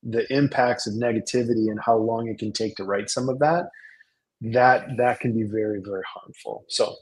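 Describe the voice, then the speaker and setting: A man speaking casually in a business webinar, telling stories with lively acted-out dialogue and frequent restarts. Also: on the low side, moderate pace, low-quality recording. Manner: animated storyteller, acts out dialogue, repeats words. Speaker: salon business coach.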